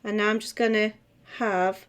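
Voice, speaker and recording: A middle-aged woman teaching music theory, chatting as she writes and sounding out words slowly. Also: medium pitch, level tone, smooth. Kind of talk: tutorial, talking while writing.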